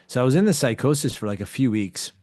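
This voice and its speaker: A man talking as a podcast guest in a casual storytelling style, animated, acting out the dialogue he quotes and often saying "like". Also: medium pitch, fast, no echo. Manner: animated storyteller who acts out quoted dialogue, frequent "like" fillers.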